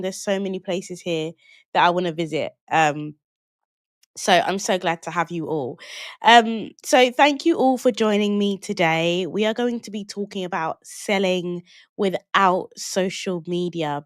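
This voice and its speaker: A London woman with a lowish voice hosts a live online masterclass as a business coach, recorded in clean studio sound with no room echo. She is upbeat and chatty, greets viewers by name, and laughs quickly while teaching casually on the stream.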